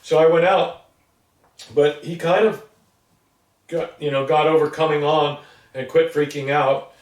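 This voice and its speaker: A man's voice: fairly high pitch, fairly even intonation, measured pace, darkish tone. A man in his sixties being interviewed, telling a long rambling story about his past and acting out what others said along the way. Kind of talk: casual recollection. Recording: roomy sound from a distance.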